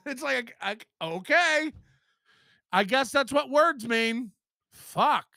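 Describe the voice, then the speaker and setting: A man's voice: extremely high pitch, animated, takes it slowly, vocal fry, sharp tone, no echo, clean studio sound. A man hosting a podcast, ranting in mocking disbelief and laughing often as he reacts to clips. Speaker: podcast host.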